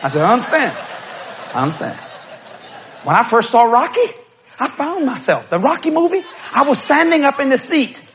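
A middle-aged man preaching a humorous storytelling sermon, acting out quotes and bursting into shouts and laughter. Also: very high voice, very animated, a little fast, a little hiss or hum.

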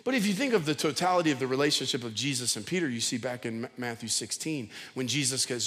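A man's voice: medium pitch, animated, fast, hardly any pauses, a bit bright. A male pastor giving a sermon in a conversational, repetitive style, acting out the people he quotes. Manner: conversational preaching, repeats words, acts out quotes. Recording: long hall reverb.

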